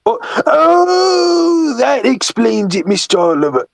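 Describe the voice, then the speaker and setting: A man squeezing out a strained, squeaky little toy-train voice. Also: very animated, takes it slowly, gravelly, dry recording, exaggerated voice. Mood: flustered. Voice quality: high, strained throat voice. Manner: polite, flustered, says "Mister Oliver" a lot. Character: eager, fussy little male brake van. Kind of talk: playful voice impression among friends.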